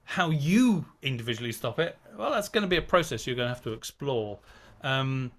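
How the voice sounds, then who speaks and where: A man's voice: medium pitch, sing-song, brisk, fairly bright tone. A man speaking as a guest on a video call, chatty and digressive, acting out quoted inner voices. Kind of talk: casual talk on a video call.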